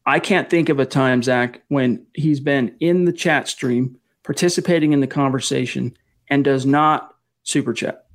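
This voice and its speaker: A man hosting a casual live-stream podcast, energetic as he reads out viewer messages and thanks donors. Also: medium pitch, moderate pace. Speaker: podcast host.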